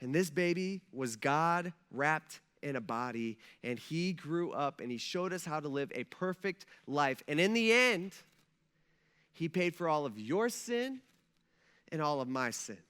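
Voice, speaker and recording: A male pastor delivering a sermon in a casual, animated style. His voice is high and bright and ringing, and he talks to the congregation like friends, with plenty of fillers. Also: unhurried, clean tone. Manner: conversational and animated, with many fillers.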